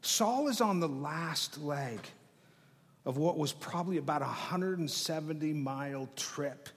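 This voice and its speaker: A man preaching a sermon as pastor, dramatic, dropping to hushed whispers and swelling loud, often repeating words as he restarts phrases. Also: a little high, unhurried, a little hiss or hum. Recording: long hall reverb.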